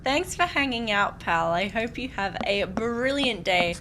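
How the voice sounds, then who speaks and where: A woman's voice: on the high side, expressive, unhurried, heavy background noise. A young Australian woman, a game streamer chatting bubbly and giggly with viewers as she plays. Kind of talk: casual let's-play chat.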